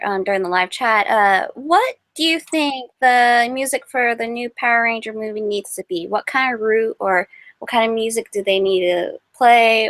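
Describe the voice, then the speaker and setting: A woman's voice: on the high side, a bit bright, no room sound. A woman hosting a live chat stream, upbeat and giggly as she reads questions. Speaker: host.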